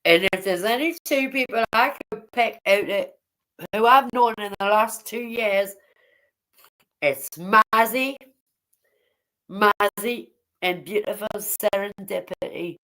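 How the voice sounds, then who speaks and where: A woman's voice: medium pitch, slow pace, pauses often, fairly bright tone, rough recording. A woman chatting casually on a livestream, blunt and swearing freely as she greets viewers by name. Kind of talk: casual live-stream chat with viewers.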